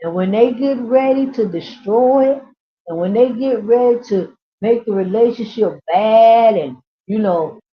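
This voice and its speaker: A woman's voice: a little high, unhurried, dull audio. A woman giving an impassioned teaching monologue as a speaker on inner child healing, with repetitive, preacher-like build-ups and casual, colloquial grammar.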